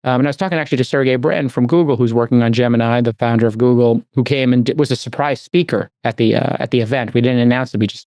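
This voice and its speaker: A man hosting a podcast, rattling through rambling stories at a quick clip. His delivery is animated and chatty, with a dry, close studio sound. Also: mid-range voice, dry recording. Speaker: podcast host. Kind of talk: casual chat.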